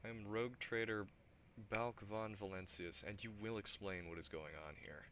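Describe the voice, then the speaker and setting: A man streaming a role-playing game, reading the narration and his character's lines aloud in a steady, plain way, with casual asides. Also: fairly low pitch, normal speed, slight background noise.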